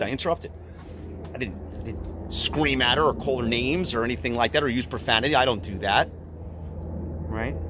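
A middle-aged man, a parent vlogging casually and retelling a dispute in an animated, indignant way. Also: on the high side, a little hiss or hum. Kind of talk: casual to-camera vlog.

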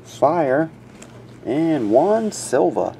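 A man's voice: big pitch swings, very slow, creaky, warm tone. Sleepy guy w runny nose reading off cards, chill murmur, bit of room hiss. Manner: reads out names in a low murmur, chatty asides. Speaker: card breaker. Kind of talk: casual card-break narration.

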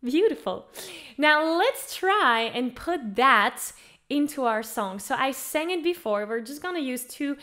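A woman's voice: sits high, expressive, unhurried, sharp tone. A woman teaching an online singing lesson, explaining things in an upbeat way and demonstrating with her own voice. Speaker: vocal coach.

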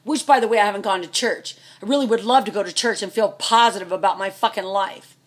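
A middle-aged American woman venting furiously to camera, swearing constantly and swinging between loud outbursts and low, seething mutters. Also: quick pace. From United States. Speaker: vlogger, trucker's wife. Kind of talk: angry venting rant to camera.

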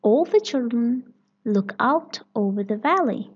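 A woman reading a children's story aloud, slow, clear and expressive, with a breathy voice, on a dull lo-fi recording. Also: a little high. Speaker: read-aloud narrator.

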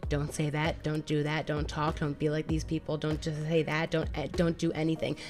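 A woman voicing the evil girl in her head, who gives harsh, belittling commands in a lower, quieter tone. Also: monotone, normal speed, lightly acted. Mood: scolding.

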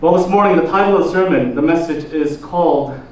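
A pastor with a Korean accent giving a slow sermon, asking the congregation drawn-out questions. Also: male voice, on the high side, a little mellow. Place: church hall. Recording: roomy echo, distant mic, faint noise.

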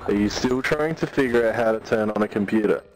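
A man's voice: lowish voice, fast, slight background noise, poor audio. A man in casual game voice chat, teasing and mocking a friend, swearing and laughing often. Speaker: gamer in voice chat.

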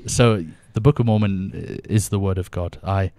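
A young man with a British accent talks about his faith as a podcast guest, earnest and a little halting, restarting his sentences as he goes. His voice sits fairly low and is recorded dry, with hardly any room sound. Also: warm tone, dry recording. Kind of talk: casual conversation about faith.

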